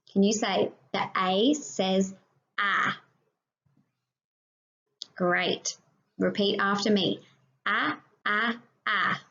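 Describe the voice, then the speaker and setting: A woman teacher with an Australian accent giving a slow, encouraging phonics lesson to young children, sounding out each letter. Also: medium pitch, creaky. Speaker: prep teacher. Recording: dull lo-fi sound.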